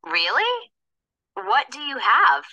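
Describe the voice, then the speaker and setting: A woman voicing a curious young woman in a scripted textbook dialogue, speaking slowly and carefully. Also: fairly high pitch, big pitch swings, bright, forceful tone, no room sound, dull audio, exaggerated voice. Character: curious young woman asking about breakfast. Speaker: voice actor on a textbook audio track.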